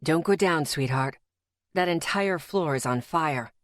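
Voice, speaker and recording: Casting: woman voicing a mysterious man, low and authoritative, barking orders, dry sound. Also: lively intonation, a little slow, no room sound. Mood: gentle warning.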